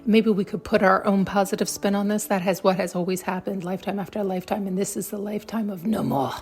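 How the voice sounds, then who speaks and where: A woman's voice: mid-range voice, fast talker, a little mellow. A woman hosting her podcast, shaken and close to tears, rambling emotionally and swearing casually as she reflects. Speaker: podcast host. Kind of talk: intuitive reflection.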